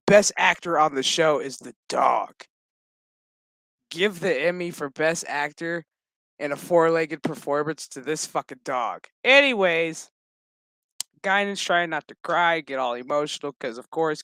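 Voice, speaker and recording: A man riffs through a TV episode recap in a loose, foul-mouthed, joking way. His voice sits a little high for a man. The sound is close and dry, with no room echo. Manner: profane, joking, animated storytelling. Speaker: show recap host.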